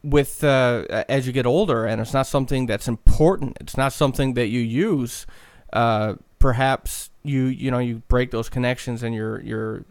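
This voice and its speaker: Smooth-voiced man rambling on a podcast. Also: mid-range voice, fairly even intonation, moderate pace, dry recording. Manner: rambling, many fillers and restarts. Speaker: podcast host. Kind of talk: casual podcast chat.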